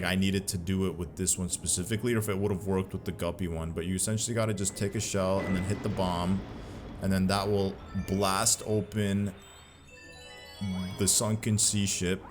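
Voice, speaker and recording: Playful trash-talking man over game music. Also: sits low. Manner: playful slangy trash talk, jokey asides. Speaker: gaming commentator. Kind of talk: casual gameplay commentary.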